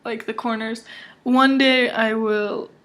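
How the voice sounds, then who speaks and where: A woman's voice: on the high side, steady tone, slow pace, a bit bright, low-quality recording. A young woman chatting casually at home in a meandering, self-deprecating way, like a vlogger talking to her camera. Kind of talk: casual rambling monologue. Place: at home indoors, during a rainstorm. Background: faint rain and ambient noise.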